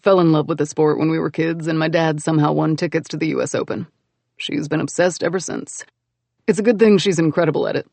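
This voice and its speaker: A woman's voice: sits low, steady tone, quick pace, gravelly, darkish tone, dry recording. A woman reading the lines of a reserved young man with a dry, understated delivery.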